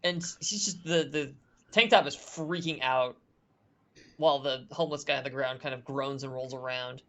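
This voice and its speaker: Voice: medium pitch, normal speed, fairly bright tone, dull audio. A game master narrating a horror tabletop game in a loose, chatty way with lots of fillers.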